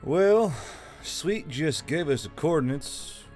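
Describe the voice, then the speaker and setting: A woman voicing a dry, resigned male military pilot in a deadpan, lowered voice. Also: slow pace, faint music behind. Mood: wary. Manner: deadpan, grumbling.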